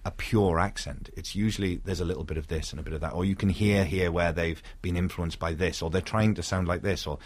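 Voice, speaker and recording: A man's voice: sits low, fairly even intonation, a little fast, hardly any pauses. A middle-aged man from Wales with a Welsh accent, an actor talking thoughtfully in an interview, with frequent restarts. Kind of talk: reflective interview conversation.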